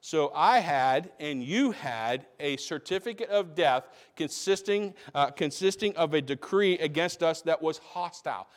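A man's voice: fairly high pitch, expressive, measured pace, hardly any pauses. A man preaching a sermon as pastor, emphatic, repeating phrases for stress. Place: church.

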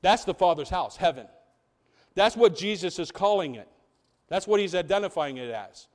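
A pastor with a high, animated voice preaches at a moderate pace in a church sanctuary. His sermon is full of rhetorical questions and builds in emphasis.

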